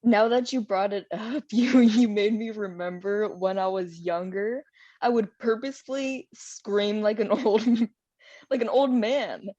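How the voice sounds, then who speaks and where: Woman, breathy voice, slightly high, giggly casual chat, dry sound. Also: fairly even intonation, unhurried, mellow, dry recording, lo-fi sound. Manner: giggly, storytelling.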